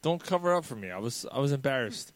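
A man's voice: medium pitch, expressive, quick pace, no echo. A man co-hosting a podcast, telling a story in casual banter, swearing a lot, laughing and acting out what people said. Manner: profane, laughing, acts out quotes. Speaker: podcast co-host.

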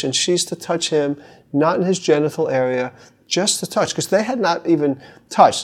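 A middle-aged male therapist with a gravelly edge and a voice pitched a little high. He tells a story from his practice in relaxed conversation, animated, and slips into the voices of the people in it. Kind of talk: storytelling in casual talk.

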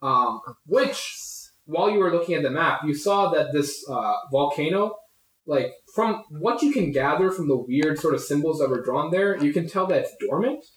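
A young man running a tabletop game as game master, narrating in a halting way full of fillers and laughing often. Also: on the high side, lively intonation. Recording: echoey room.

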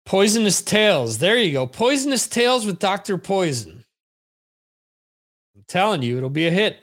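A man's voice: high-pitched, very animated, moderate pace, fairly bright tone. A man hosting a podcast, chatting casually and reading viewer comments aloud. He rambles and jokes, often stopping to correct himself. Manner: rambling, joking, frequent self-corrections. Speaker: podcast host.

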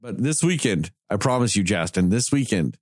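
A man in casual chat who rants with a lively, swooping voice and swears a lot. His sound is dry and close, with no room around it. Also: on the low side, moderate pace, no echo. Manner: animated ranting, heavy swearing.

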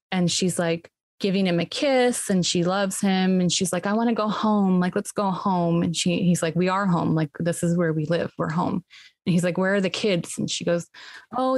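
A woman retells a film scene by scene in a relaxed podcast chat. She voices the characters' lines herself and her pitch jumps up on the dramatic moments. Her voice sits a little low for a woman and sounds dry and close to the mic. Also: no echo. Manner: animated storytelling, acting out quotes with jumps in pitch. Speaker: podcast co-host recapping a film. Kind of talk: casual retelling of a film plot.

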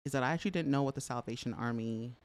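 A woman's voice: very deep voice, very fast, a little hiss or hum. A middle-aged woman from Canada chatting as an interview guest, telling stories with lots of fillers and laughs. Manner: animated storyteller, frequent fillers, laughs often. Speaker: podcast guest. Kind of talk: casual interview chat.

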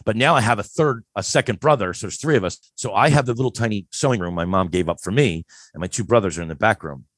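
A man in his fifties from Philadelphia, telling a story in a casual, animated way and acting out the voices in it. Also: on the low side, quick pace, no room sound, clean studio sound. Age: 50s. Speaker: guest.

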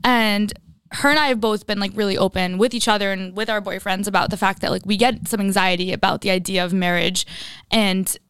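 A young woman in casual chat, telling a story with lots of "like" and lively retellings. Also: mid-range voice, a little fast, smooth, dry recording, studio quality. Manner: storytelling, animated retellings full of "like".

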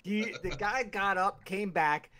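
A man's voice: sits high, slow pace. Teasing man over crowd noise. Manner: teasing, playful. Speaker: podcast co-host. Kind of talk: casual podcast chat.

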